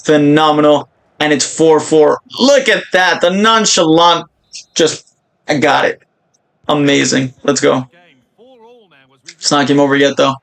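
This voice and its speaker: A young man commentating his own football video game career, breaking into excited shouts at big moments. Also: a little high, unhurried, gravelly, long pauses. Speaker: gaming YouTuber.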